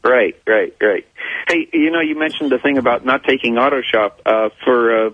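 A man calls in to a talk show, rambling and halting, tripping over his words. His voice is slightly husky, and it comes through a dry, dull, muffled phone line. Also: mid-range voice, no echo. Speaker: caller. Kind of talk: call-in talk.

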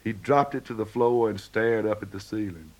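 A man's voice: lowish voice, moderate pace, a little mellow, low-quality recording. A man reading a novel aloud as narrator, shading the dialogue lightly for each character. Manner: reads dialogue with small shifts for each character. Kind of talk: audiobook narration.

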